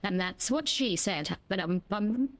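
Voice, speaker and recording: A woman's voice: mid-range voice, animated, unhurried. A woman streaming a driving game, chatting in a cheeky, jokey, rambling way. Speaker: gaming streamer. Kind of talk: casual gameplay chat.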